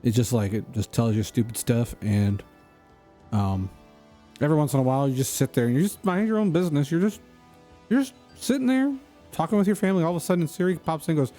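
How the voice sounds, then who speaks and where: A man's voice: fairly high pitch, quick pace, mellow, soft background music. A man streaming a video game, chatting casually in a rambling, joking way that keeps drifting off topic. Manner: rambling, joking, easily sidetracked. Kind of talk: casual chat while gaming.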